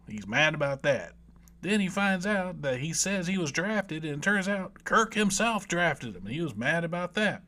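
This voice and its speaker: A man's voice: on the high side, bright, forceful tone. A man with a Southern US accent, telling a comedic, rambling, irreverent story as a book reviewer.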